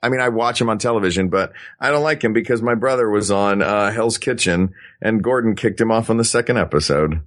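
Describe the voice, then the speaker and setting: A man's voice: fairly low pitch, fairly quick, hardly any pauses. A man co-hosting a comedy podcast, chatting casually and teasing his friend in a playful, jokey way. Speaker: podcast co-host.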